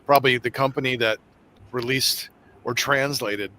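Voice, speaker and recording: Man, American, livestream guest, quick chatty talk, bright voice. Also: medium pitch, fairly even intonation, slight background noise. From United States. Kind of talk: casual livestream chat.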